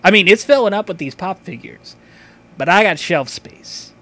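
A man hosting a podcast, chatting casually and reading sponsor spots in a loose, profane, excitable way. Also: high-pitched, moderate pace. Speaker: podcast host.

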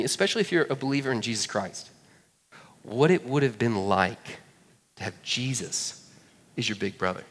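A man's voice: mid-range voice, a bit bright. A man, preaching a sermon and telling a funny story with jokey asides to the audience. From Georgia, USA. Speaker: pastor. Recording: long hall reverb.

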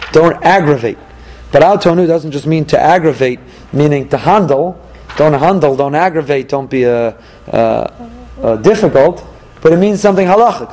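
A man, a rabbi, giving an emphatic Torah class with rhetorical questions and animated delivery. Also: on the high side, low-quality recording.

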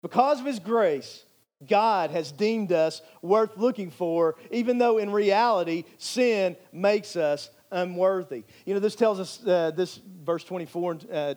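A high-voiced male pastor delivers a sermon. He speaks earnestly and emphatically and drives his points home by repeating phrases. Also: darkish tone.

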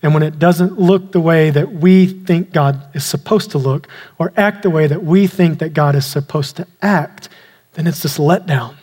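Guy giving a sermon, voice a bit on the high side, long echo from a big church hall, slows way down on the big points. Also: breathy edge. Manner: earnest, slows down and drops quiet for emphasis. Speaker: preacher. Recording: long reverb of a large hall.

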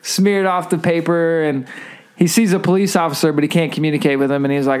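Podcast co-host dude, a bit high voice, dry jokes, retelling the plot. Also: male voice, little pitch movement, fairly quick, clear, resonant tone. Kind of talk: casual chat retelling scenes.

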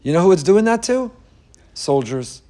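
A middle-aged man preaches a fervent sermon in a somewhat high-pitched voice. He keeps posing rhetorical questions and weaves in Hebrew quotations as he urges his listeners. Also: big pitch swings, normal speed, mellow. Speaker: rabbi giving a Torah class.

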